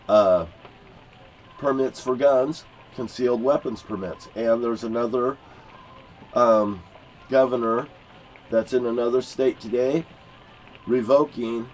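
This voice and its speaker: An older man delivers a rambling, heated monologue, swearing freely and hammering his points. His voice sits at an ordinary middle pitch. The recording sounds muffled and lo-fi, with a faint hiss underneath. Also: darkish tone. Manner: profane, blunt, rambling, emphatic. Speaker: vlogger. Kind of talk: angry ranting monologue.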